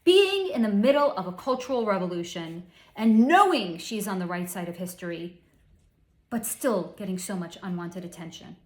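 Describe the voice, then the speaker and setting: A woman's voice: medium pitch, animated, moderate pace. A woman hosting a casual psychic reading, talking in a snarky, sarcastic, profane way. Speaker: psychic channel host. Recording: roomy echo.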